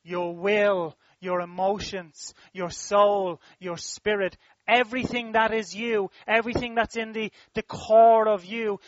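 A high-pitched man delivers a sermon in a repetitive, emphatic rhythm, swelling and then dropping his voice. The recording is dry and a little dull, with no room sound. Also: no echo. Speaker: preacher.

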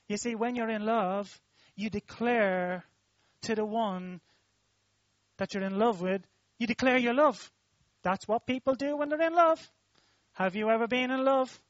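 High-voiced Irish preacher telling stories. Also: male voice, measured pace, no room sound, muffled recording. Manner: conversational storytelling preaching, swells to emphatic outbursts. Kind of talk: sermon.

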